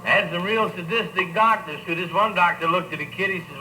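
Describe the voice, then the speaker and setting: Bawdy folksy comedian telling barracks jokes. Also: male voice, high-pitched, a little fast, pushed and bright, a little hiss or hum, rough recording. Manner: folksy, bawdy storyteller talking to the crowd. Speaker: stand-up comedian. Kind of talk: live stand-up joke telling.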